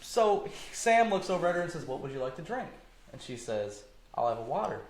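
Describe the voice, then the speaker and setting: A man in his twenties from Michigan, telling a story as a podcast guest in a casual, animated and profane way. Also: fairly high pitch, fairly quick, echoey room, low-quality recording. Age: 20s.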